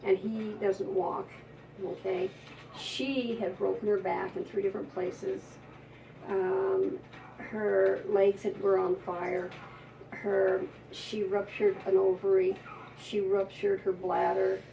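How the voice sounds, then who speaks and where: A woman psychic speaks in a gravelly voice, telling a story in an emotional, rambling way and doubling back on herself. She sits a bit away from the mic, and faint ambient noise runs under the recording. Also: medium pitch, flat delivery, slow pace, recorded from a distance, muffled recording. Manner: emotional, rambling, frequent restarts. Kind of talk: conversational storytelling interview.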